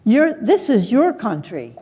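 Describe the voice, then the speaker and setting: A woman's voice: a little high, big pitch swings, a little slow, mellow, slightly rough, big-room sound. A woman puppeteer chatting and explaining in a live puppet show, scolding a puppet in fun.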